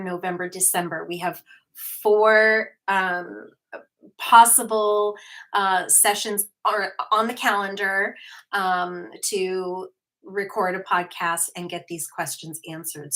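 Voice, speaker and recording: A woman hosting a casual livestream talks slowly, with many pauses and fillers. Her voice is bright and clear and keeps a relaxed, chatty flow. She talks straight to her viewers and reads their comments aloud. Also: medium pitch. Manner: chatty, with frequent fillers and restarts. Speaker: host, hypnotherapist.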